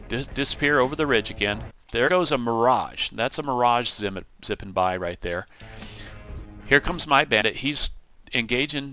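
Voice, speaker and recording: Bright-voiced man narrating his flight footage. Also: medium pitch. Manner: animated storytelling, acts out radio calls. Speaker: gaming channel host. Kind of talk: casual gameplay commentary.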